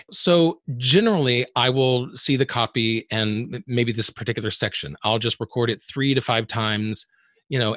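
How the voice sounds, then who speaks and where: A man's voice: medium pitch, fairly bright tone, no echo, clean studio sound. A man hosting a podcast interview, talking casually and telling stories about his own auditions. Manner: conversational, shares anecdotes, laughs along. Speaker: podcast host.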